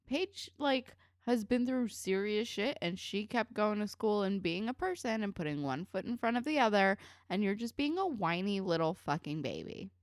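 A woman's voice: medium pitch, animated, moderate pace, few pauses, no room sound, clean studio sound. A woman co-hosting a casual TV recap podcast, talking bluntly and swearing freely in exasperated rants. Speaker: podcast co-host.

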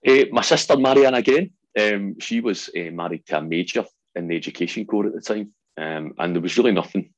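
A man in his forties with a Glaswegian Scottish accent, a guest telling stories from his life in a lively way with lots of ums. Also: fairly low pitch, brisk. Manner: animated storyteller, acts out quotes, frequent ums. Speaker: guest, ex-soldier. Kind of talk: storytelling in an interview.

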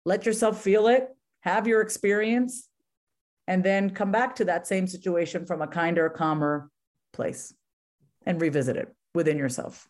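A woman's voice: on the low side, steady tone, normal speed, a little mellow. A woman in her thirties, an author talking candidly and earnestly, peppering her talk with "like" and "right?". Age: 30s. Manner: earnest, frequent "right?" and "like" fillers. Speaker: guest author.

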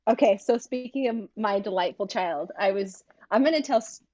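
A woman's voice: medium pitch, normal speed, warm tone, dry recording. A woman co-hosting a casual podcast chat, giggly and gushing about the kids. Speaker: podcast co-host. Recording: slightly muffled dry audio.

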